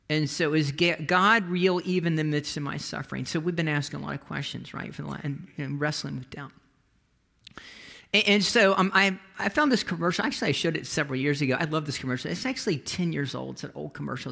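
A man's voice: fairly high pitch, a little fast, creaky, sharp tone. A man preaching a sermon as pastor, telling stories in a conversational way with frequent restarts.

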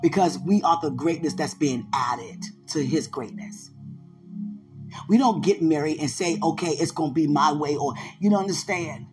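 A woman hosting a podcast, talking casually about faith and preaching in an animated way, laughing often and speaking straight to her listeners. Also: low voice, moderate pace, music in the background. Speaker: podcast host, preacher and gospel rapper.

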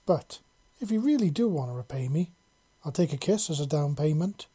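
A reader voicing a fierce, foul-mouthed woman soldier who growls and barks commands like a drill sergeant, in a husky, mellow voice. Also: medium pitch, moderate pace, lightly acted. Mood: warm teasing.

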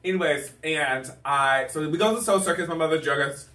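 A man telling a rambling, animated personal story in casual chat, laughing often. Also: fairly high pitch, a little fast. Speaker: guest storyteller. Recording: roomy sound from a distant mic.

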